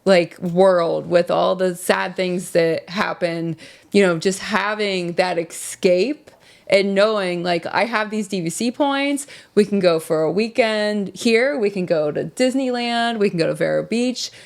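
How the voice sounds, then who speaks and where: A woman co-hosting a casual podcast with an unhurried, earnest delivery. She comes from West Virginia and talks in a chatty, personal way. Her pitch sits in a normal middle range. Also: creaky. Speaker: podcast co-host. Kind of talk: casual chat.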